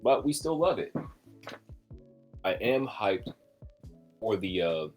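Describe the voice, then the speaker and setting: A man's voice: lowish voice, big pitch swings, takes it slowly, soft background music. A man co-hosting a podcast in a casual chat, talking enthusiastically and rambling with fillers. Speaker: podcast co-host.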